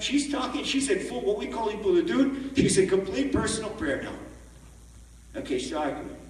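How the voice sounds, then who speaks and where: High-voiced rabbi in an echoing hall. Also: male voice. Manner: animated, acts out the story in voices. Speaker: rabbi, conference speaker. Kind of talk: sermon with storytelling. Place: large conference hall. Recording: echoey hall from far off.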